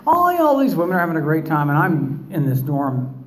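A man's voice: fairly high pitch, huge pitch swings. Wry man telling his story, roomy echo. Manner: wry, self-mocking humor with halting restarts. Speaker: speaker sharing his recovery story. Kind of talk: personal storytelling to an audience.

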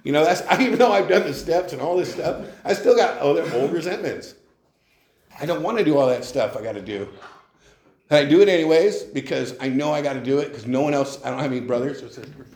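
A man's voice: fairly high pitch, expressive, quick pace, a little mellow. Middle-aged guy sharing his story at a meeting podium, casual and candid, lots of "you know", roomy echo. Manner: candid and conversational, leans on "you know", chuckles often. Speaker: speaker sharing at a recovery meeting. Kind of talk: personal testimony.

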